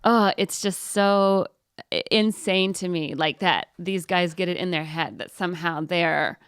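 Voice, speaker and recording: A woman's voice: fairly low pitch, steady tone, measured pace, smooth, no room sound, clean studio sound. A woman co-hosting a podcast in casual chat, reacting in an emphatic, indignant way. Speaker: podcast co-host.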